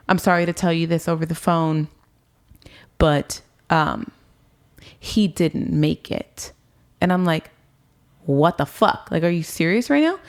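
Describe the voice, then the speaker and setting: With a smooth, lowish voice, a woman in her twenties chats with an interviewer about her own life story. Her delivery is casual and packed with "like" and "um," and she acts out what others told her.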